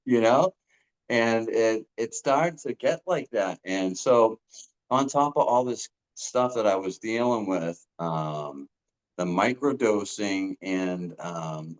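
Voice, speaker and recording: A man giving a casual testimonial as a coaching client, earnest and halting, with frequent ums and restarts. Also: low voice, rough recording.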